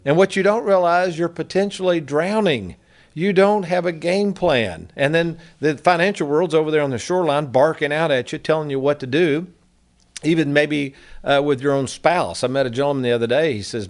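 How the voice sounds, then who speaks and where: A man's voice: medium pitch, brisk. A man hosting a radio talk show on finances, giving a folksy, persuasive monologue with stories.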